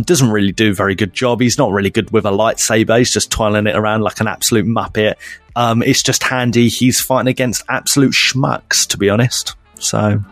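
A man on a casual podcast, ranting in mock outrage at a quick clip. He stumbles into repeated words as he goes, and his pitch sits in the ordinary middle range for a man. The recording is dry and close, with faint music underneath. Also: no room sound. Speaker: podcast co-host. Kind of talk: casual chat, mock rants.

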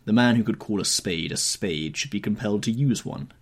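A man voicing a languid aristocratic gentleman who drawls out witty paradoxes in an audiobook reading. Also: on the low side, brisk. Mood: amused.

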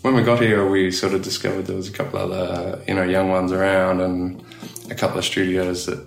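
A man's voice: deep voice, flat delivery, a little fast, creaky, roomy sound, soft background music. An Australian man chatting casually as an interview guest, rambling with lots of fillers and laughs. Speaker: tattoo studio owner, guest.

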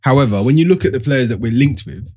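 A man's voice: medium pitch, lively intonation, fast, a little mellow. A man, talking football as a podcast co-host in emphatic, slangy banter. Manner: emphatic, slangy, laughs easily. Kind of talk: casual football chat.

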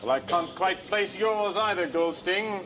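A man's voice: sits high, a little slow, fairly bright tone, slight background noise. A man playing a bumbling spoof male spy hero in a comedy sketch.

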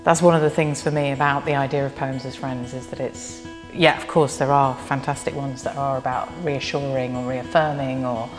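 A woman hosting an interview, soft-spoken and reflective, asking gentle questions. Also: rumbling low. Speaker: host and interviewer. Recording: long reverb with faint guitar music.

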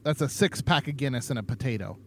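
A fast-talking man with a medium-pitched voice co-hosts a podcast. The chat is casual, and he keeps it jokey and playful, laughing often.

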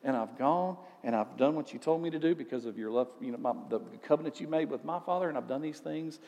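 A man preaching voices a frustrated old patriarch, pleading quietly with God. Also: fairly high pitch, fast talker, long reverb tail, muffled recording, close to an everyday voice.

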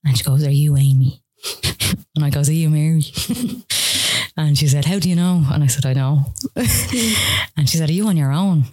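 A woman's voice: deep voice, lively intonation, normal speed, long pauses, a little mellow. An Irish woman, a podcast guest, telling a personal story in casual conversation, full of "like" and retold dialogue. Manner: rambling, frequent "like" fillers, retells dialogue.

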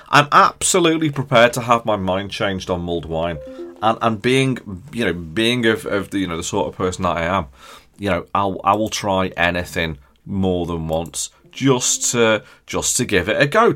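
A man hosting a podcast, hoarse from a chest infection, rambling and ranting jokily in casual chat. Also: on the low side, expressive, normal speed, fairly bright tone. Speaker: podcast host.

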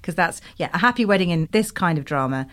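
A woman hosting a podcast in casual chat, chatty and laughing often. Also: quick pace. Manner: giggly, chatty, lively pitch. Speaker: podcast host.

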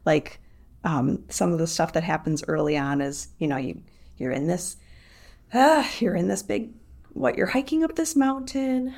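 A woman's voice: lowish voice, normal speed, vocal fry, darkish tone. A woman co-hosting a podcast in casual chat, hesitant and full of fillers. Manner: hesitant, lots of fillers and likes. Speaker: podcast co-host.

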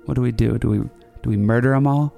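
A man's voice: medium pitch, fast, creaky, dark tone, soft background music. A man voicing a gang of bandits who talk over what to do, in a muttering, plotting way. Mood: scheming. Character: scheming gang of male bandits.

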